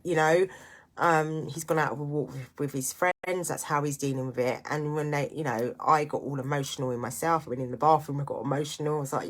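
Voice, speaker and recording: A woman's voice: low-pitched, moderate pace. A middle-aged woman talking candidly to camera in a personal vlog, earnest and reflective, with motivational encouragement. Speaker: vlogger and single parent.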